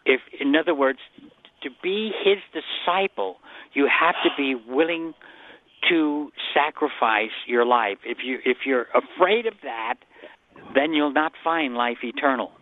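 A mid-range male voice at a measured pace belongs to a Bible scholar taking calls on a radio program. Earnest and explanatory, he repeats points and frequently restarts sentences, heard through a dry phone connection.

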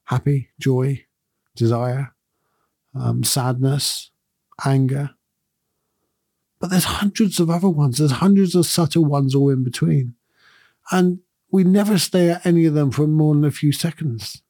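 A man's voice: on the high side, measured pace, long pauses, dark tone, dry recording, studio quality. A middle-aged man, a podcast host, giving a thoughtful and earnest reflective monologue in a conversational way.

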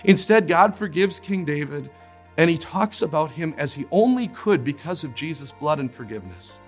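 A man preaching with earnest emphasis, his voice sitting a little higher than most men's. He stumbles and restarts words as he drives his points home. Faint music plays quietly underneath. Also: lively intonation, moderate pace, vocal fry. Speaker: pastor. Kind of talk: sermon.

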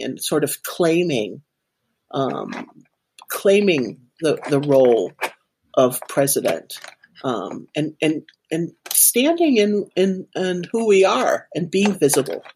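A woman's voice: deep voice, lively intonation, a little slow, a little mellow, slight background noise. A woman guest in an interview, telling a personal story animatedly with many fillers. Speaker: guest, organization president.

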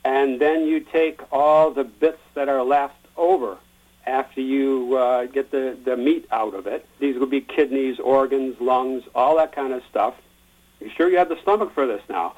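A man explaining a tradition in a plain-spoken, relaxed way, with the odd filler. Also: mid-range voice, a little slow, muffled recording. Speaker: guest explaining a Burns supper. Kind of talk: explanatory chat.

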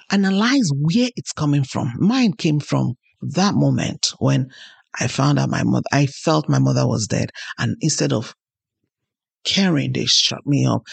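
A woman's voice: extremely low pitch, creaky, husky, no echo. A woman hosting a podcast, giving an earnest motivational talk and telling personal stories. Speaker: podcast host.

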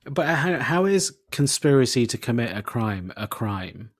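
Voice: mid-range voice, very animated, measured pace. A co-host on a casual podcast, reacting to the story with wry, teasing remarks. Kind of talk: casual chat.

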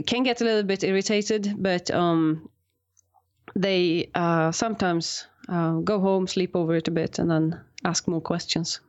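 A woman being interviewed about her work, talking casually with frequent laughs and restarts. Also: fairly low pitch. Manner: laughs often, many restarts and fillers. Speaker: guest, science communicator. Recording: slightly dull lo-fi audio.

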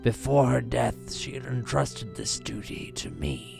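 An old withered goblin speaks slowly in a dry, croaky, gravelly voice, as a woman narrator puts him on. His pitch dips and rises widely, and he stays composed and formal. Soft music plays underneath. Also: very animated, exaggerated voice.

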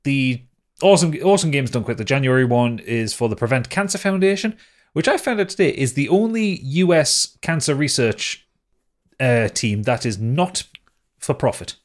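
A man's voice: mid-range voice, animated, moderate pace. A man co-hosting a podcast in casual chat, rambling with lots of fillers and casual swearing. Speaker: podcast co-host.

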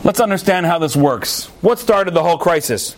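Guy giving a torah class, high voice, swoops up and down a lot, acts out the arguing. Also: normal speed, slight background noise. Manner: animated, acts out arguing students in raised voices. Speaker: rabbi teaching.

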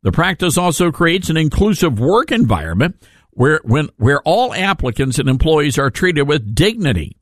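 A man hosting a talk radio show, giving casual opinion commentary in an animated, sarcastic way with rambling asides. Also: fairly high pitch, normal speed, no room sound, clean studio sound.

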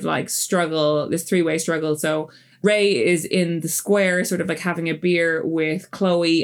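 A woman guest on a podcast, chatting casually and retelling a film with animated quoted voices. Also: fairly low pitch. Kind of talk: casual chat.

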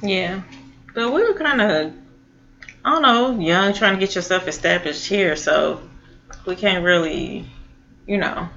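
A woman's voice: mid-range voice, a little slow, gravelly, long pauses, a bit bright, highs cut off. A woman co-hosting a casual chat, a mother who laughs often and chimes in with short agreements and teasing asides. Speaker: mother and co-host.

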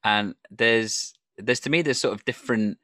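A man hosting an interview, with a very deep, low voice recorded dry and close. He asks his questions in a friendly, encouraging way. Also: moderate pace, bright, forceful tone, no room sound. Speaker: podcast host.

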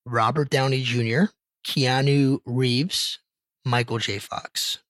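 A man's voice: mid-range voice, steady tone, slow, a bit bright, no room sound. Man teasingly running a podcast quiz. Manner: playful, teasing, quizzing. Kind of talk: casual chat.

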